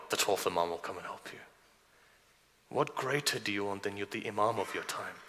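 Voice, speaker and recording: Forceful low-voiced man preaching in a hall. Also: normal speed. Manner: retells traditions with quoted dialogue, repeats "he says"; addresses listeners directly with questions. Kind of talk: sermon storytelling. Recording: long hall reverb.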